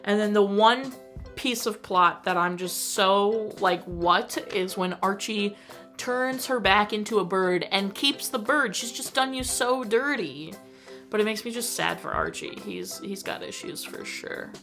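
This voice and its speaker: A young woman casually gushing about a movie she reviews, full of slang, quoting scenes in lively put-on voices. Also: medium pitch, a little slow, soft background music.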